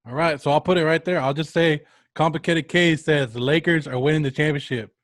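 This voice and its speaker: Male sports-show host, casual banter, slightly high voice, dry close mic. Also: steady tone, no room sound. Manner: chatty, teasing, quick questions.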